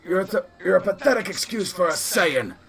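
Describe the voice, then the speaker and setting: A man voicing a scornful male warrior who shouts insults at a rival, high and loud. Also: lively intonation, a little fast, vocal fry, exaggerated voice. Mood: sneering.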